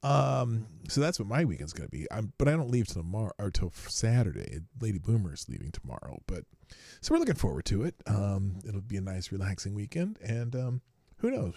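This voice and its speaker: Chatty man hosting a livestream, husky. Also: mid-range voice, dry recording, studio quality. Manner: chatty, laughs at his own asides, talks softly. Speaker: livestream show host. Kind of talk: rambling casual monologue. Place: home studio.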